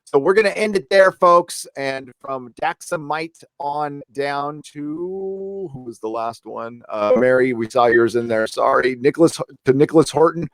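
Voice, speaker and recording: A man's voice: fairly high pitch, measured pace, few pauses, no echo, studio quality. A man hosting a casual live stream from home, talking bluntly and rallying his viewers. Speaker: livestream host. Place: home room.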